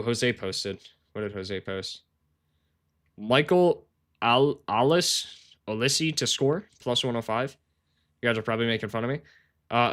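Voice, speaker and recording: A man live-streams his sports betting research, chatting casually with viewers in a medium-pitched, fairly bright voice. He rambles, uses lots of slang, says "bro" constantly, laughs often, and makes fun of himself.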